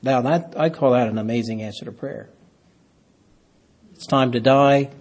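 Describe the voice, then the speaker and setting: Husky-voiced man preaching a sermon. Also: mid-range voice, normal speed. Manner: preaching with dramatic swings from hushed to loud, stretching key phrases.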